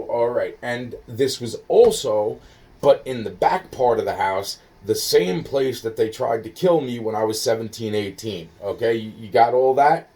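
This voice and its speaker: Man, foggy caller, lowish voice, halting rambler with many fillers, a bit off-mic on a phone call. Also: dark tone, recorded from a distance. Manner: halting, filler-heavy, scattered; swears, spells things out slowly. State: foggy, hungry.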